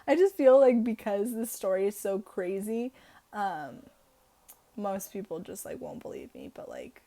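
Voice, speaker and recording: A woman's voice: mid-range voice, dark tone. A teenage girl chatting casually to camera in a storytime vlog, full of fillers and giggles. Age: teens. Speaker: vlogger. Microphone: camera in her room.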